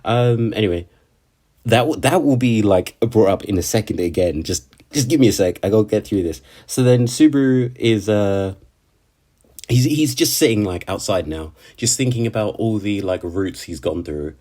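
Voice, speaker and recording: A man's voice: fairly low pitch, normal speed, warm tone. A man giving a casual, rambling recap of an anime episode, chatty and full of slang and restarts. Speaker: anime reviewer.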